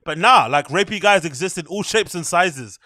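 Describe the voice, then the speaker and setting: A young man hosting a podcast, chatting casually in a rambling, animated way, full of fillers and swearing. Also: high voice, moderate pace, dry recording, clean studio sound. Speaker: podcast host. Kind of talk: casual chat.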